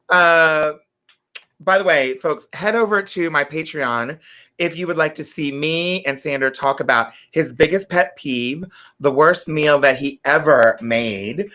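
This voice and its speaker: Bright, lively woman livestream host. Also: deep voice, takes it slowly. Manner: lively, animated, reads viewer comments aloud. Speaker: talk show host. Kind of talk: livestream interview chat.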